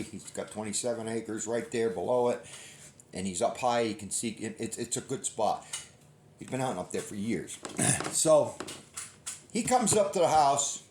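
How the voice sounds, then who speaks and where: A man's voice: fairly low pitch, a little mellow, a little hiss or hum. A middle-aged man hosting a hunting channel, telling a long story in a folksy, rambling way and often restarting his sentences. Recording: roomy echo.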